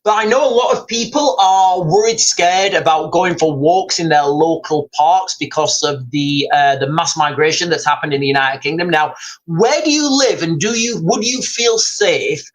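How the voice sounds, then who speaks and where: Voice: mid-range voice, normal speed, low-quality recording. Rambling streamer, loose live chat with the audience, keeps saying "guys". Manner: rambling, repeatedly addressing viewers as guys. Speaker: livestreamer reading chat.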